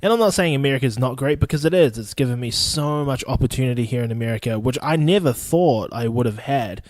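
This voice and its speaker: A young man with a New Zealand accent talks through a casual solo podcast, blunt and quick to swear. His voice sits at a middle pitch for a man. The sound is dry and close, with no room around it. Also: dry recording. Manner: blunt and profane, mimics people in high excited voices. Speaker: podcast host.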